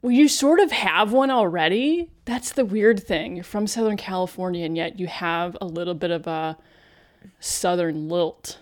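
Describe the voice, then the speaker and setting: A woman's voice: on the low side, normal speed. A woman co-hosting a podcast, chatting casually and asking curious, reflective questions. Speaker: podcast co-host.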